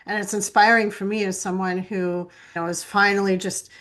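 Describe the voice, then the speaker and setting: A woman's voice: mid-range voice, flat delivery, brisk, a bit bright. A woman hosting a podcast interview, enthusiastic and self-deprecating, laughing often between questions. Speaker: podcast host.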